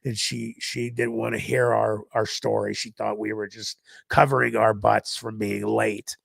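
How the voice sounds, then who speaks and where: A man, a podcast guest, recounting a personal story in an animated way, acting out other people's voices as he goes. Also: lowish voice, a little slow, vocal fry, breathy edge, dry recording.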